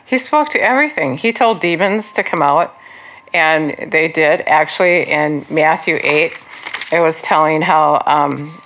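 Woman, low voice, earnest conversational Bible teacher, casual fillers. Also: unhurried, fairly bright tone, a little hiss or hum. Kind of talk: informal Bible teaching with prayer.

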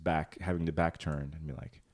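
Very deep-voiced man hosting a podcast. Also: little pitch movement, fairly quick. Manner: loose, joking, rambling with many restarts. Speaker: podcast host. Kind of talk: casual chat.

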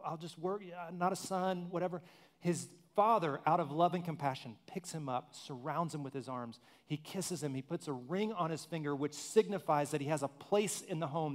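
A man preaches in a relaxed, conversational way, animated and full of humorous asides. He acts out the people in his story, and his voice sits somewhat high for a man. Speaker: pastor. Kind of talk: conversational sermon.

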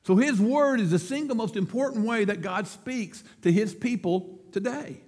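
High-voiced pastor preaching in a reverberant hall. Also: male voice, normal speed, darkish tone. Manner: folksy storytelling, laughs at his own joke. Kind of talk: sermon.

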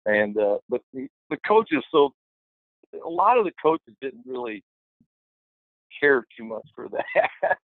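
A man telling a lively anecdote in a casual way, acting out the voices of the people in it. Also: mid-range voice, no room sound. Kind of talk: casual storytelling. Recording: dry, phone-like line.

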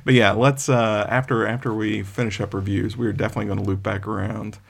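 A middle-aged man with a low, gravelly voice co-hosts a casual movie podcast. He talks with enthusiasm and keeps things loose and chatty. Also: little pitch movement, brisk. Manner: enthusiastic, mimics others with high-pitched impressions. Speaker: podcast co-host. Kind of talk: casual movie review chat.

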